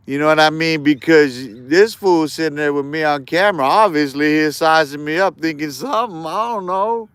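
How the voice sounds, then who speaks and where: Smooth-voiced man ranting on a stream. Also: on the high side, fairly quick, hardly any pauses, a bit bright, no room sound. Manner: heated, streetwise slang, repeats words. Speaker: live streamer. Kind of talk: casual ranting monologue.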